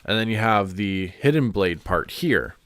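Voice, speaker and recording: A man's voice: lowish voice, lively intonation, measured pace, a bit bright, no echo. A man chatting casually on a live stream, congested and rambling with lots of "like" and restarts. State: stuffed up, congested.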